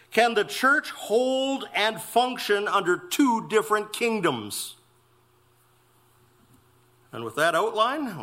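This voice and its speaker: A man preaching an expository sermon in a church, emphatic and exclamatory, stressing phrases slowly. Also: on the high side, bright, forceful tone. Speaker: pastor.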